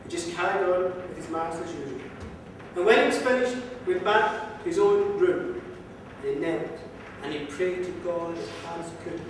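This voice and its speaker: A man's voice: sits high, moderate pace, a little hiss or hum. A man telling an old folk tale in a lilting, rhythmic way, recorded with a distant mic in a museum hall. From Ireland. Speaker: storyteller. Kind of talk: live folk storytelling. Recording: echoey hall from far off.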